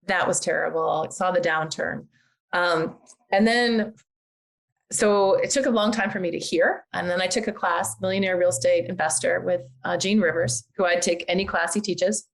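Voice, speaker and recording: An older woman chatting as a podcast guest, animated and chatty, with frequent fillers. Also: on the low side, normal speed, creaky. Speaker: guest, real estate agent and investor. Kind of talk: casual podcast interview.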